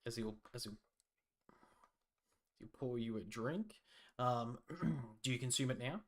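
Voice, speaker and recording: A man narrating a fan tabletop game as game master, easygoing and a little halting. He speaks at an unhurried pace in a middle pitch. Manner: relaxed, hesitant, many fillers.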